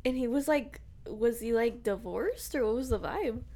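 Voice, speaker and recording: A woman co-hosting a podcast, reacting in casual chat with quick, blunt questions and swearing. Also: on the high side, lively intonation, warm tone. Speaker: podcast co-host.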